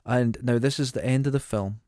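A man retelling a film's scenes with relish, his mid-pitched voice full of sarcastic asides. He swears freely and builds the story up for laughs. The sound is dry and close. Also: a little fast, dry recording. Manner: animated storyteller, sarcastic, crude. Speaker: podcast co-host. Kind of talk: casual film review chat.

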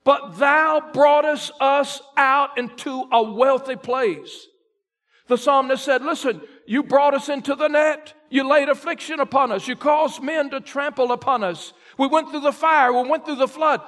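A man pastor preaching a sermon, reading scripture slowly and building to loud emphatic peaks. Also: very high voice, steady tone. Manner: voices a questioning listener in first person.

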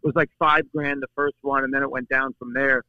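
A man's voice: medium pitch, level tone, a little fast, a little hiss or hum. A man comedian and actor on a phone call from his car, good-humored and profane, laughing along with jokes at his expense. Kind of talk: casual phone-call banter. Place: driving in a car.

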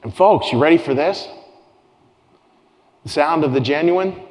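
A man's voice: on the high side, measured pace. Earnest male pastor in a reverberant church. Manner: earnest, repeats phrases, stumbles and restarts. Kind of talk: sermon. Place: church sanctuary with congregation. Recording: long hall reverb with soft guitar.

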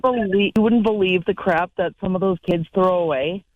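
A male caller sharing an anecdote in halting, broken-off sentences. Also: high voice, no room sound. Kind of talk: phone-in anecdote. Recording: tinny dry phone line.

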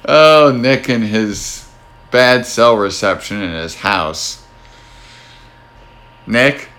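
A man's voice: lowish voice, animated, slow pace, fairly bright tone. A man with a New Jersey accent hosting a casual sports podcast, talking in a wry, teasing, easygoing way. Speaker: podcast host.

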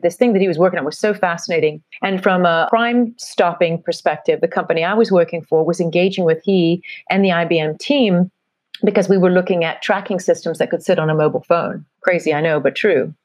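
A middle-aged marketing strategist appears as a guest in a conversational interview, telling stories in a rambling, reflective way with a mixed British and American accent. Her voice is on the low side, fairly even in intonation, a little fast, with no echo.

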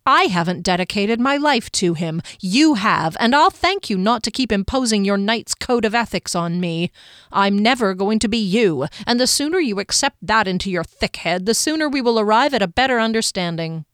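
A woman narrator voicing a sharp-tongued, defiant young woman who speaks sarcastically in a storybook reading. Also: medium pitch, animated, normal speed, smooth, no echo, studio quality, lightly acted. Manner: sarcastic, sneering.

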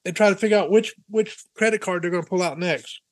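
High-voiced joking male podcast host. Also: fast talker, no room sound. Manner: joking, teasing, chuckles often. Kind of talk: casual Christian podcast chat.

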